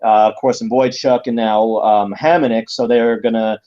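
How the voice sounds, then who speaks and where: A man's voice: fairly low pitch, flat delivery, normal speed, dark tone, lo-fi sound. Laid-back man rambling on a podcast. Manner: rambling, many fillers, laughs often. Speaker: podcast co-host. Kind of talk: casual sports podcast chat.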